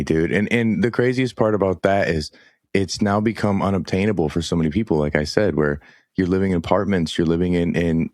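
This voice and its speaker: A man's voice: deep voice, a little mellow, no echo, studio quality. A man hosting a podcast, talking casually in a laid-back, slangy way. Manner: laid-back slangy, says dude a lot. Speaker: podcast host. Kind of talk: casual chat.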